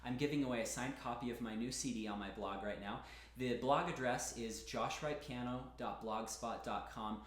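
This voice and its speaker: A man's voice: medium pitch, brisk. Roomy-sounding man teaching piano. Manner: chatty and encouraging, breaks off to demonstrate. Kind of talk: casual spoken piano lesson. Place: room with a piano. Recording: roomy echo with piano playing.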